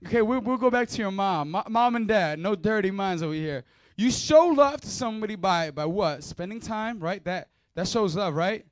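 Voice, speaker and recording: A man's voice: high voice, normal speed, no room sound. A man leading a church service as pastor, joking and playful, firing up the crowd into a mic. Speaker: youth pastor. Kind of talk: energetic church service talk. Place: church hall.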